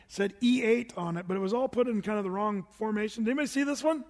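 A man's voice: high-pitched, fast talker, hardly any pauses. A man preaching a sermon to a congregation, telling stories in a conversational way and asking them questions. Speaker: pastor. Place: church hall with congregation. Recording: long hall reverb from a church room.

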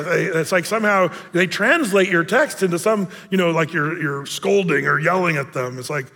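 A man's voice: sits high, brisk, sharp tone, in a large hall. A male pastor giving a sermon in a church, telling stories casually with self-deprecating humor. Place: church sanctuary.

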